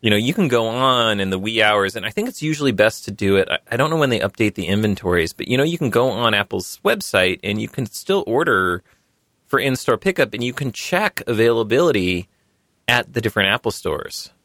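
Brisk and lowish-voiced, a man hosts an easygoing tech podcast on a dry recording. He chats with guests and reads the sponsor spot in the same casual, talkative tone.

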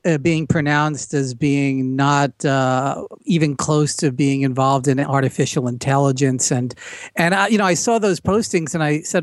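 A man's voice: medium pitch, measured pace, dry recording, studio quality. A man speaking as a guest on a casual podcast, eager and talkative, often stumbling and restarting his sentences. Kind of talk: casual interview.

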